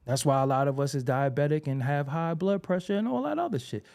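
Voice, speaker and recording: Man, podcast host, heated casual talk, lively pitch, warm dark timbre. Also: brisk, vocal fry. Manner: animated, preachy, swears a lot.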